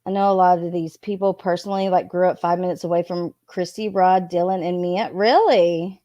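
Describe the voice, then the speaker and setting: A woman's voice: fairly low pitch, fairly even intonation, normal speed, mellow, no room sound, muffled recording. A woman hosting a live stream, reading text messages aloud and chatting with viewers, now and then scolding chatters. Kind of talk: casual live-stream commentary.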